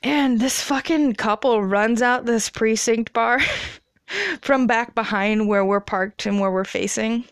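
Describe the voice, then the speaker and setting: Gravelly young woman, rambling storytime. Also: a little high, slow, dry recording, clean studio sound. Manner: rambling, profane, laughing often. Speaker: vlogger. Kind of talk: casual storytime.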